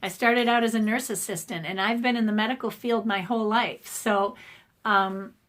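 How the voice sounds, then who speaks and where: A middle-aged woman talking casually to the camera in a personal vlog, her voice going hoarse, emotional and rambling with many ums and restarts. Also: mid-range voice, fairly even intonation, normal speed, fairly bright tone. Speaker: art channel host. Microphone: camera facing the speaker.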